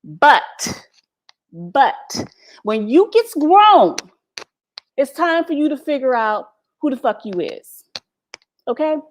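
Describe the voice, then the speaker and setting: With a high-pitched voice that swings widely, an American woman takes it slowly, leaving long pauses as she rants brashly and profanely to her live stream viewers. She laughs often during the candid, unscripted talk, recorded at home on a laptop mic with a little hiss or hum.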